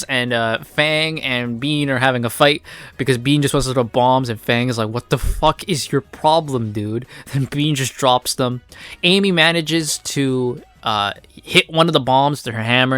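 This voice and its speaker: A man's voice: mid-range voice, moderate pace, fairly bright tone, clean tone, dry recording. A man giving a rambling, profane, casual recap of a comic, full of filler words. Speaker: comic reviewer.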